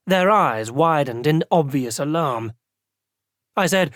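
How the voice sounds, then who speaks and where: An audiobook narrator reading first-person fantasy narration in a measured, formal way. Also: medium pitch, lively intonation, dry recording. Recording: dry close studio recording.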